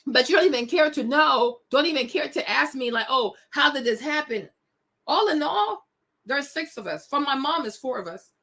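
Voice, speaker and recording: A young adult woman from West Africa, talking straight to her viewers in an animated, emphatic monologue, laughing often and calling them y'all and girl. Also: high-pitched, moderate pace. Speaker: vlog host.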